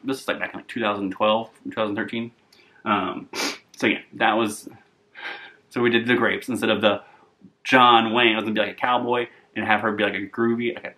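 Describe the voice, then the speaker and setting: A man's voice: mid-range voice, steady tone, fairly quick, sharp tone. A young man vlogging in a chatty, rambling, self-deprecating way. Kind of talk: casual rambling vlog.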